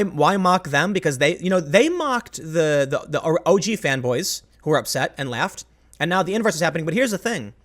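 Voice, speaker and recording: This host is a man whose voice sits high with a fairly bright tone. His commentary wanders and is full of opinions, and he often breaks off mid-sentence to start again in a rambling, emphatic, self-interrupting way.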